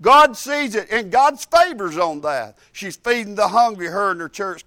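A man's voice: sits high, animated, moderate pace, few pauses, pushed and bright, dry recording. A man preaching a sermon to a church, repeating phrases and building in emphatic bursts. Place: church service.

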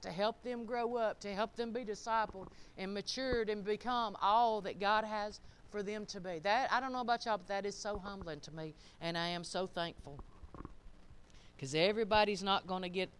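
A woman's voice: medium pitch, a little hiss or hum. A woman preaching an informal sermon to her congregation, folksy and asking the listeners questions. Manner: folksy, talks straight to the listeners, asks them questions. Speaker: church speaker.

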